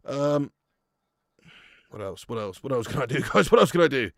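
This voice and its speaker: A man's voice: medium pitch, sing-song, moderate pace, gravelly, long pauses, dry recording, studio quality. A man hosting a live football watch-along, chatting and laughing with his viewers. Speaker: host.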